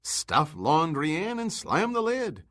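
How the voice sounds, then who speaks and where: A man's voice: on the high side, wildly swooping pitch, slow, a bit bright, voice pushed up, full character voice. A man reading aloud and voicing a chatty, vain middle-aged housewife in a gossipy, raised voice. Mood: breezy gossip.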